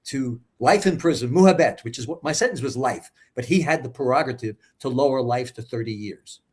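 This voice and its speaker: Husky older man telling his story. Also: mid-range voice, brisk, a little mellow. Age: 70s. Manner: blunt, swears for emphasis. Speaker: interview guest. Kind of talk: casual storytelling interview.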